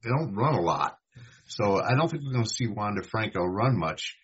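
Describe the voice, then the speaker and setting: Guest: low, husky man from New York, hesitant, lots of ums, lo-fi audio. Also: very animated, normal speed, fairly bright tone. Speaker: fantasy baseball guest, former editor. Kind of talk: casual sports chat. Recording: dull lo-fi sound.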